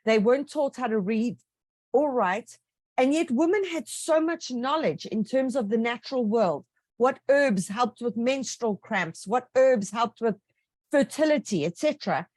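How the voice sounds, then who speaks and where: Animated, fairly high-voiced woman author. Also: no room sound, studio quality. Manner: lively, enthusiastic storytelling with asides. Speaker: author being interviewed. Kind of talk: casual interview answers.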